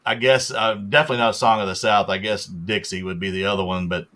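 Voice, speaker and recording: Bright-voiced older man chatting. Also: fairly low pitch, fairly even intonation, fast talker. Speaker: guest reseller. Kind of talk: casual livestream chat.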